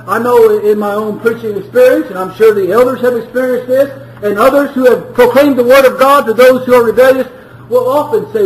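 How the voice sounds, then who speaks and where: A male preacher with a strikingly high voice delivers a sermon. He talks earnestly, doubles back on words, and lifts his voice when he pleads. The room around him rings with echo. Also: normal speed.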